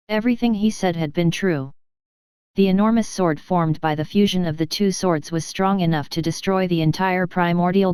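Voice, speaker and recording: A woman narrating a fantasy audiobook in a steady, even reading. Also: on the low side, clear, resonant tone, no room sound. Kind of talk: scripted narration.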